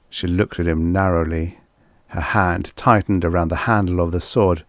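A man's voice: low-pitched, fairly even intonation, moderate pace, no echo. A man reading vintage science fiction aloud as an audiobook narrator, telling the story expressively. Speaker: audiobook reader.

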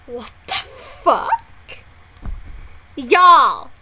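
A woman hosting a casual music reaction vlog, excitable and given to loud, dramatic exclamations and frequent swearing. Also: sits high, extremely slow, heavy background noise.

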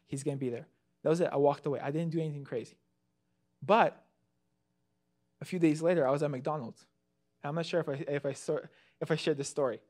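A man's voice: fairly high pitch, a little fast, long pauses, darkish tone. A man preaching, an evangelist telling personal testimony in an earnest storytelling way, often restarting and repeating words.

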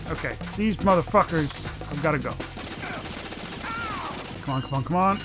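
High, lively joking gamer man. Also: normal speed, pauses often, music in the background. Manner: profane mock-dramatic joking at the characters. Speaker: let's play gamer. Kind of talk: let's play commentary.

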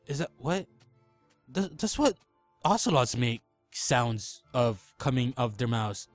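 A man's voice: mid-range voice, expressive, unhurried, no echo. Young guy goofing around on a let's play, rambly and silly, faint music behind. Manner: rambling, goofy, makes silly animal noises. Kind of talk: casual gameplay commentary.

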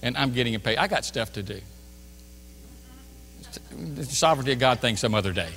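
A man's voice: mid-range voice, animated, quick pace, fairly bright tone. A man preaching a sermon as a pastor, telling a story animatedly and acting out both sides of a store exchange. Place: church sanctuary. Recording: church hall reverb.

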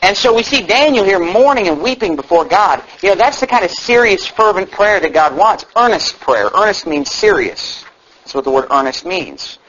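A man preaching a sermon to his church, swinging from low asides to loud, fervent calls. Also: lively intonation, moderate pace. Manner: shouts and climbs high when fervent, mocking asides. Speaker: pastor. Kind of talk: fiery sermon. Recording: dull low-fidelity church recording, faint hiss.

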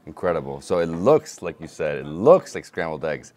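A man with a very deep voice leads a casual food tour, gushing and exclaiming over each dish. He talks outdoors on a terrace, with a faint hiss of open-air ambience underneath. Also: big pitch swings, moderate pace, a little mellow. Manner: enthusiastic, exclaiming. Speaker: food vlogger host.

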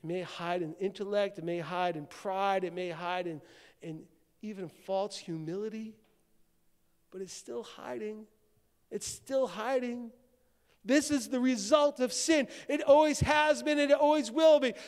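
A man's voice: high-pitched, normal speed, clean tone. Preaching man in a reverberant church hall. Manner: dramatic swings from shouting to hushed. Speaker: pastor. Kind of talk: sermon. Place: church sanctuary.

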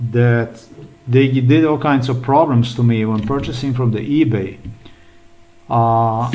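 A man's voice: medium pitch, warm tone, lo-fi sound. A man rambling through an agitated commentary while browsing, swearing often and repeating himself. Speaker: vlogger. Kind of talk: rambling screen-recorded commentary.

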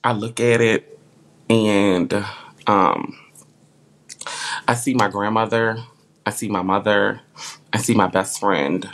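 A man's voice: lowish voice, takes it slowly, pauses often, fairly bright tone. A man hosting a live stream, chatting casually in a heartfelt, rambling way full of filler words.

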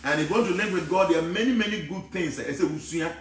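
A man's voice: high-pitched, quick pace. Man preaching in a roomy echo. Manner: mixes Twi and English, rises to emphatic preaching. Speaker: spiritual teacher answering live viewers. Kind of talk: live stream talk, reading viewer comments aloud. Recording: roomy echo, voice far from mic, faint background noise.

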